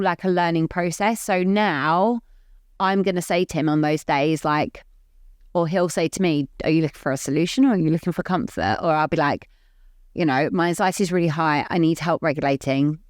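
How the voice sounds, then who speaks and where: Earnest woman, lowish voice. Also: fairly quick, a little mellow, clean tone, no room sound, studio quality. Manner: rambling, heavy use of "like", open and earnest. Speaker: podcast co-host. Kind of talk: candid casual chat.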